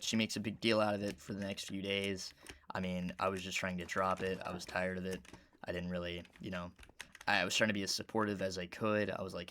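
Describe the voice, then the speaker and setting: A man telling a rambling, casual story while playing a video game, with sudden loud outbursts at the game. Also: low-pitched, a little hiss or hum. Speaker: gaming YouTuber.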